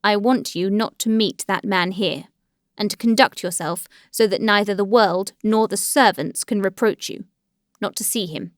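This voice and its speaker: A woman voicing a cold, sarcastic middle-aged husband with a thin, shrill voice and a stiff, contemptuous manner, in a dry, close recording. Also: no room sound, lightly acted. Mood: curt.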